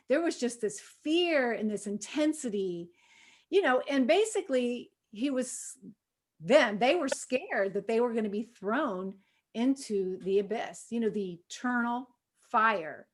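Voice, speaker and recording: A middle-aged woman leading a women's Bible study in a relaxed, conversational way. She uses lots of "you know" fillers and bursts out loudly when she acts out quotes. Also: mid-range voice.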